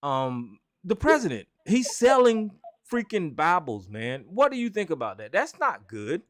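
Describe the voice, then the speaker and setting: A man's voice: sits high, sing-song, unhurried, fairly bright tone, dry recording, studio quality. A man hosting a call-in show, arguing heatedly, swearing constantly and repeating himself as he stumbles over words. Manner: profane, repetitive, stumbling.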